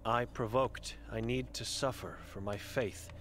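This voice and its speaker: A man's voice: medium pitch, steady tone, unhurried, a bit bright, a little hiss or hum, lightly acted. A man reading the chalkboard words of an old blind, mute woman in a game, in terse, broken phrases. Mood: grim.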